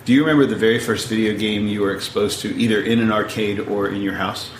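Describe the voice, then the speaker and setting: A man's voice: lowish voice, fairly even intonation, quick pace, roomy sound, slight background noise. A man co-hosting a podcast, fondly retelling old comedy scenes. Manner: nostalgic storyteller, retelling jokes. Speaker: podcast co-host. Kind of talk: casual chat.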